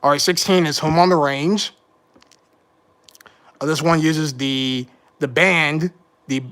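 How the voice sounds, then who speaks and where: Fairly high in pitch, a little bright, and steady in tone, this man talks slowly with long pauses. He's a livestream host giving casual commentary, rambling and self-correcting with mild frustration.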